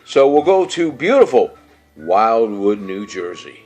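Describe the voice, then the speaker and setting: A man's voice: fairly low pitch, big pitch swings, measured pace, darkish tone, soft background music. A middle-aged man, hosting a casual show and rambling through birthdays and weather with many fillers and restarts. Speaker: radio-style show host.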